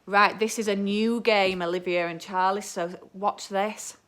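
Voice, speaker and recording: A woman teaches young children a maths lesson from home. She speaks slowly and carefully, with a clear, encouraging teacher's manner. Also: mid-range voice, fairly even intonation, a bit bright. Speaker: early years teacher.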